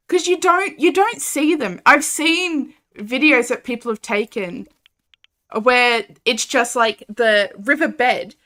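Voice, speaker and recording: A woman's voice: a little high, a bit bright. A young Australian woman chatting casually and animatedly while streaming a game, reading chat and laughing often.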